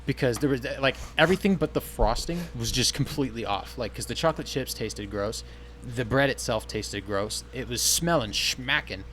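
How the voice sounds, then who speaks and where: A man telling a story on a casual podcast, swearing freely and acting out what everyone said. He sits at an average pitch for a man. A faint hiss sits under the recording. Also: normal speed. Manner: animated storyteller, swears, acts out quotes. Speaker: podcast co-host.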